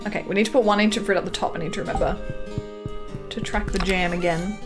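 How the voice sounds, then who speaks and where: A young Canadian woman streams a farming game, talking fast in a medium-pitched, steady voice. She chats casually, reads her chat aloud and giggles often, with game music clearly audible underneath.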